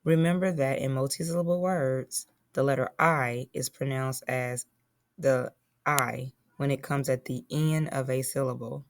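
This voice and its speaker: A woman's voice: very deep voice, steady tone, unhurried. A woman teacher giving a phonics lesson to young children, patiently spelling and sounding out words.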